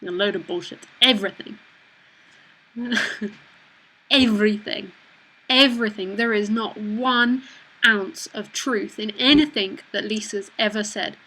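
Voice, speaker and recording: A woman teaching in an online talk, reading comments aloud. She jokes, swears bluntly and laughs a lot. Her voice sits at an ordinary middle pitch and comes out bright and forceful. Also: measured pace, long pauses, low-quality recording. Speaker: spiritual teacher.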